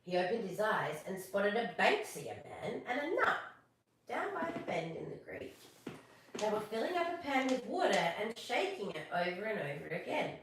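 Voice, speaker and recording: Expressive woman reading a children's story. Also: medium pitch, normal speed, far from the mic, slight background noise. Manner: expressive reading, greets viewers. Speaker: storyteller host. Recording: echoey room, voice off-mic.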